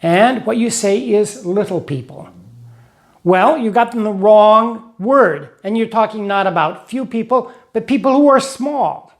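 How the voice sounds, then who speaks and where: Guy with a high voice explaining english grammar w examples and little rhymes. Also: unhurried. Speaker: English teacher for Russian speakers. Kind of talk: scripted lesson narration.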